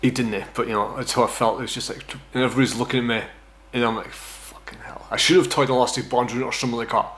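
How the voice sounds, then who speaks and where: A man's voice: medium pitch, fairly even intonation, rapid-fire, hardly any pauses, fairly bright tone. A Scottish man in his thirties tells a personal story as a casual vlog, rambling and swearing, often tagging lines with "right?". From Scotland. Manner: rambling, profane, self-mocking, fond of "right?". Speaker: vlogger telling a personal story.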